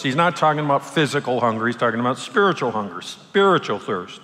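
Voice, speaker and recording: Casual, joking pastor, mid-pitched man, long church reverb. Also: fast, few pauses. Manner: casual, conversational, animated, playful asides. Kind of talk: sermon.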